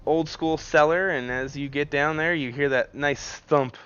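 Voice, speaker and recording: A man's voice: fairly high pitch, fairly even intonation, unhurried, a bit bright, clean tone. A man running a tabletop game as game master, laughing often and swearing casually. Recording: dull lo-fi mic.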